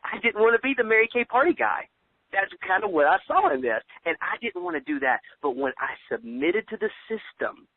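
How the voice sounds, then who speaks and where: A man giving an energetic motivational business training over the phone, full of pep-talk slang. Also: on the high side. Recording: tinny phone line.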